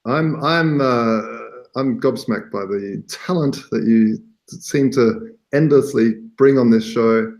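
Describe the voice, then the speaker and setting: A man's voice: medium pitch, slow, darkish tone. A man co-hosting a podcast, laid-back with dry humor. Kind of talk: casual chat.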